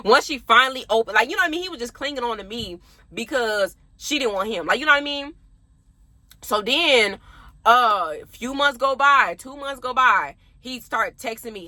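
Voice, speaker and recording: Young woman, animated storytime chat, bright higher voice, dry close sound. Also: normal speed, no room sound. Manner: animated, talks straight to viewers.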